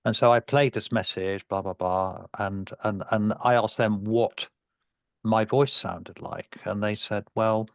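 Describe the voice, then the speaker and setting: A man's voice: fairly low pitch, steady tone, a little slow, creaky, smooth, dry recording. South london guy talking on a webinar call, restarts a lot, dry sound. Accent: South London English. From London, England. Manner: chatty, repeats words when starting. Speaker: co-presenter, speech therapist. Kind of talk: webinar discussion.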